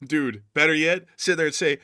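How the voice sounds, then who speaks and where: A man hosting a war news stream, chatting with his co-host in an animated, joking way, full of "like" and "man". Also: fairly high pitch, moderate pace, clean tone, dry recording, clean studio sound. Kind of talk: casual joking chat with co-host.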